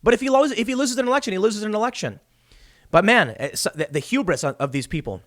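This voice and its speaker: A man's voice: high-pitched, quick pace. A man hosting political commentary, reading news articles and adding sarcastic, opinionated remarks. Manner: animated, sarcastic, mocks opponents.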